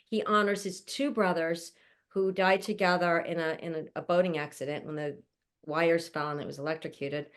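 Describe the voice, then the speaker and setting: A woman's voice: on the low side, fairly even intonation, normal speed. A woman hosting an online panel, introducing each guest in an effusive, chatty way and laughing often, speaking from home. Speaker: show host introducing a panel. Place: at home, mother nearby.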